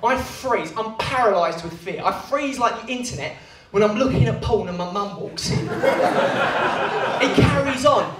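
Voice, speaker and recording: A man's voice: high voice, lively intonation, moderate pace, noisy background. A young adult man doing stand-up, telling self-deprecating stories and acting out the characters. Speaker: stand-up comedian. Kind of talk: stand-up comedy routine. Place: comedy venue. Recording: echoey venue, heard from far off, crowd laughing.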